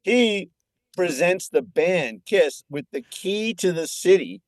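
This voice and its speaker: A man in his sixties, a filmmaker guest on a podcast, telling stories in an animated, excitable way. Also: high-pitched, slow pace, no room sound, clean studio sound. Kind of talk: casual podcast chat.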